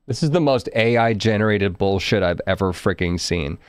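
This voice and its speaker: Low-voiced, profane streamer man. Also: expressive, normal speed, smooth, no room sound, studio quality. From Arkansas. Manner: profane, wry, talks to his chat. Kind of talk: casual live-stream game commentary.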